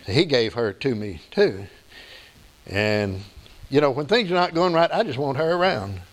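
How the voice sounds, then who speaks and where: A man's voice: mid-range voice, expressive, a little slow. A male pastor preaching a sermon, with folksy asides and scripture quotes, his voice swinging up and down with emphasis.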